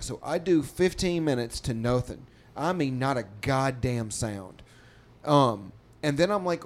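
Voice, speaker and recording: A man, a stand-up comedian, telling a profane, animated story in casual podcast chat. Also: medium pitch, a little slow.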